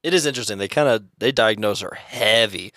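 Bright-voiced joking young man. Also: on the low side, brisk, no room sound, clean studio sound. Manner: joking, loud, playful. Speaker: podcast co-host. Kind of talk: casual podcast chat.

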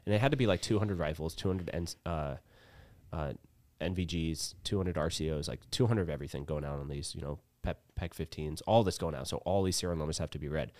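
Low-voiced man telling an animated story. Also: fast talker, no echo. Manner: animated, acts out quoted dialogue, swears freely. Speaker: podcast guest. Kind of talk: casual storytelling chat.

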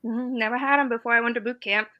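The lo-fi sound carries a fairly high, quick-paced female voice. A woman in her forties from East Germany, she's a veteran guest on a live stream, chatting casually, telling lively stories, and laughing frequently.

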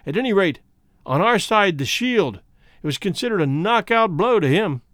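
An unruffled, ironic husband, read by a male narrator, speaking with measured, courteous calm. The voice sits a touch high with lively intonation, recorded close and dry. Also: dry recording. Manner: calm, measured, dryly polite. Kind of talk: audiobook reading.

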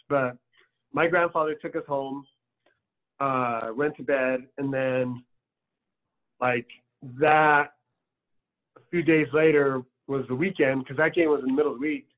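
A man telling a personal story in a loose, conversational way with lots of fillers. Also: medium pitch. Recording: tinny phone-like sound.

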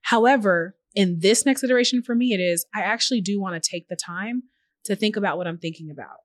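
A woman's voice: medium pitch, fast talker, no room sound. A woman guest on a podcast, talking earnestly and reflectively, acting out little quoted messages as she tells her stories. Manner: earnest, warm-hearted storyteller who acts out little quoted messages. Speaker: podcast guest, journalist and founder. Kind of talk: reflective conversational interview.

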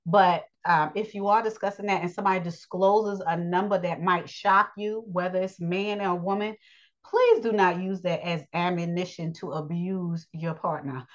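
A woman giving a blunt, preachy spoken lesson on relationships, pausing often with fillers. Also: fairly low pitch, steady tone, dull audio. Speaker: teacher of a daily lesson.

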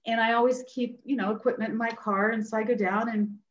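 Lively woman storyteller, roomy dull sound. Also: a little high, a little fast, slight background noise. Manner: animated, acts out what others said. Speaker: nurse practitioner guest. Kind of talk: personal storytelling in an interview.

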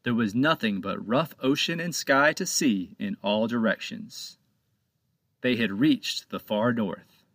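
A man narrating his own children's pirate storybook in a lively, expressive reading, close to the mic. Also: mid-range voice, slow, no echo. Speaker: author and narrator.

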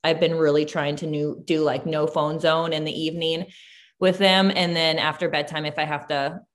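A woman in her thirties talks in a relaxed, chatty way, scattering "like" through her sentences. Her voice sits a little low for a woman. She tells animated everyday stories in a casual podcast conversation. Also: normal speed. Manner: chatty, lots of "like" fillers, animated storytelling. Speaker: podcast host, mom business owner.

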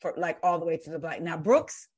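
A woman's voice: deep voice, fairly quick, darkish tone, slightly rough. A woman, chatting casually about reality TV as a podcast co-host, sassy and blunt with her opinions. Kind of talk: casual reality-TV recap chat. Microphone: video call.

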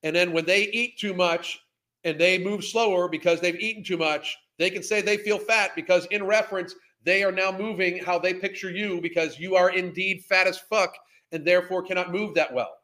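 Male podcast host, high bright voice, profane incredulous rant. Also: fairly even intonation, moderate pace. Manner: profane, exasperated, incredulous ranting. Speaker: podcast host reacting to clips. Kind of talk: ranting commentary.

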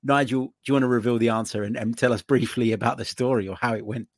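Male host, steady question-reader, mid pitch, dry close recording. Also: fast talker, no room sound. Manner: steady, reads questions out, brief encouraging replies. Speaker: podcast host. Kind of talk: casual podcast hosting.

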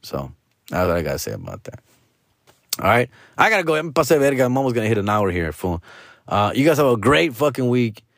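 A man's voice: big pitch swings, fairly quick, gravelly, no echo, studio quality. A middle-aged man hosting a podcast, telling a story in a casual, profane, slangy way with Spanish phrases mixed in. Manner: jumps to loud high mock voices for quoted people. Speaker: podcast host.

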